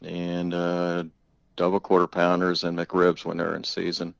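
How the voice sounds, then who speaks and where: A man's voice: low voice, completely flat delivery, measured pace, gravelly, smooth, dry recording, lo-fi sound. An older man, the host's father, telling rambling stories in casual conversation, laughing often and swearing freely. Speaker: interviewee, father of the host. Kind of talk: casual storytelling.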